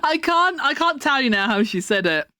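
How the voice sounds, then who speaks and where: A young woman streamer chats loosely to her audience, her voice sitting a little high. She rambles through her stories with plenty of fillers and quick laughs. The sound is close and dry, with no room around it. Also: sing-song, sharp tone, smooth, no room sound. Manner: rambling, filler-heavy storytelling with frequent laughs. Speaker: livestreamer. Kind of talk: casual stream chat.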